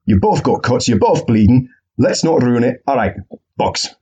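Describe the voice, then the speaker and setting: A man putting on a fussy, prim boxing referee who scolds two fighters in a high, prissy voice. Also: expressive, normal speed, warm tone, breathy edge, dull audio. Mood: scolding.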